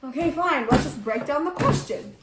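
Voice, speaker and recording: A woman's voice: high-pitched, animated, moderate pace. A teenage girl playing a sarcastic, bossy student in a school skit. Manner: sarcastic, bossy study partner. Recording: echoey room, faint noise.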